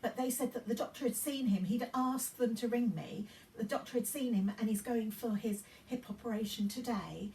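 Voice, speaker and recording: A woman's voice: on the high side, normal speed, mellow, slight background noise. A woman in her fifties chatting casually in a vlog, rambling through her story with many ums and restarts. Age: 50s. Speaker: fashion vlogger. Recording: roomy sound from a distance off the mic.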